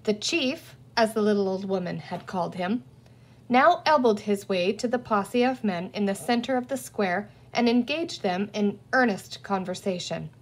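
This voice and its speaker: A woman reading a children's storybook aloud in a clear, deliberate manner. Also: medium pitch, lively intonation. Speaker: audiobook reader. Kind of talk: storybook narration read aloud.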